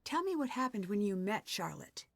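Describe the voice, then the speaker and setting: A woman's voice: medium pitch, big pitch swings, moderate pace, vocal fry, over a noisy crowd. A woman voicing a curious, polite young female detective in a video game, asking earnest questions. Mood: inquisitive.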